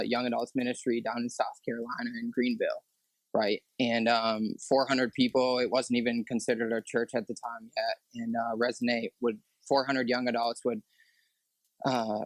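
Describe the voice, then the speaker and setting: A young man sharing a personal testimony on a podcast, halting and full of fillers and restarts. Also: medium pitch, no room sound, poor audio. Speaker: podcast guest. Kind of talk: personal testimony in casual talk.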